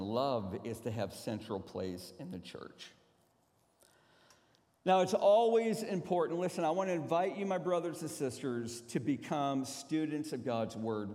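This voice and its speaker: Animated male pastor in a reverberant sanctuary. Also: medium pitch, normal speed, hardly any pauses. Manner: dramatic storytelling, swinging from loud to hushed. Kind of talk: sermon. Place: church sanctuary.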